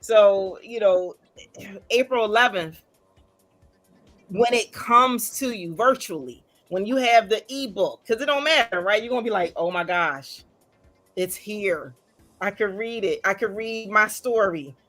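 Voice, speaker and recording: A woman hosting a casual conversation in an even, mid-range voice. She talks in an emotional, laughing way and acts out people's excited reactions. Faint music plays behind her. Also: mid-range voice, a little slow. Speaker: host. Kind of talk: casual chat.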